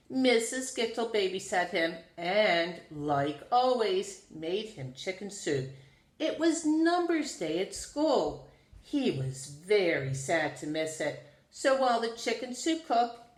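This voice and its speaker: A woman reading a children's storybook aloud in an expressive, sing-song storytelling manner. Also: a little high. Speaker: storybook reader. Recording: roomy echo.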